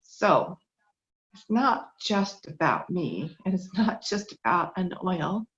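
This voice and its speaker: A woman's voice: lowish voice, big pitch swings, slow pace, fairly bright tone. A middle-aged woman giving a heartfelt, faith-based talk, earnest and emotional, fighting back tears. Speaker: speaker sharing a testimony. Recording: dull lo-fi recording.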